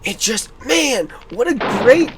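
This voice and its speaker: A woman's voice: fairly high pitch, animated, slow pace, noisy background. A woman hosting a casual film commentary, enthusiastic and rambling, laughing often.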